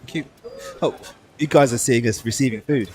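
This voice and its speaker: A man's voice: medium pitch, moderate pace, a little mellow, a little hiss or hum. A man co-commentating a fighting game tournament, bantering dryly with his partner. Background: music.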